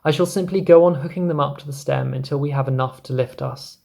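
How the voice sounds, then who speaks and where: A man's voice: mid-range voice, fast talker, creaky, a little mellow. A man voicing a young boy who patiently and earnestly explains his plan in a storybook reading. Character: young boy, calm and determined.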